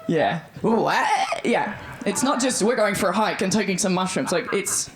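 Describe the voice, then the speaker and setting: A woman's voice: medium pitch, lively intonation, moderate pace, a crowd in the background. A woman in her thirties with an Australian accent performing a stand-up comedy set in a chatty, breezy way and acting out the voices she quotes. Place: comedy club stage before a live audience.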